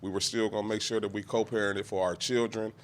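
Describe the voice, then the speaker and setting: A man in his forties giving an emotional, halting speech at a press conference, close to tears and often clearing his throat. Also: lowish voice, flat delivery. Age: 40s. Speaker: guest speaker, kidney patient.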